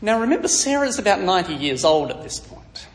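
A man's voice: sits high, sing-song, fairly quick, long reverb tail. A man preaching, teaching a Bible story in a conversational way with wry asides.

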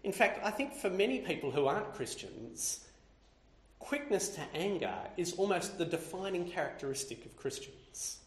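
A man's voice: sits high, very animated, moderate pace. A man preaching a sermon, building his points in lists that grow more intense. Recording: roomy echo.

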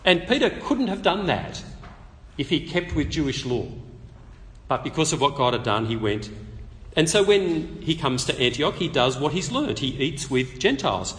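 A man preaching an expository sermon at a public meeting, conversational and animated, with touches of light humor. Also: fairly high pitch, normal speed. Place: meeting hall. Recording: long reverb of a meeting hall.

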